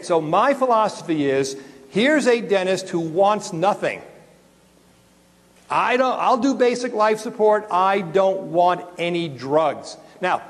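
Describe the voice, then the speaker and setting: A middle-aged man giving a live lecture to dentists in an animated, joking way, swearing now and then. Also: high voice. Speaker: dental emergency lecturer. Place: lecture room with an audience. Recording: long reverb of a large hall.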